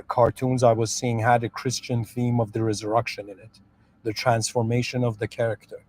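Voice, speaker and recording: A man's voice: mid-range voice, a little mellow, husky, no echo. A man who moved to Canada as a child, talking earnestly in a reflective monologue, restarting often and checking that the listener understands. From moved to Canada at seven. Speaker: podcast host.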